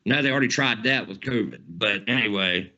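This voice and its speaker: A man's voice: on the low side, animated, a little fast, sharp tone, dull audio. A man with a Southern American twang hosting his own channel, delivering a heated, profane, rambling political rant and leaning on "man" as a filler. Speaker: channel host.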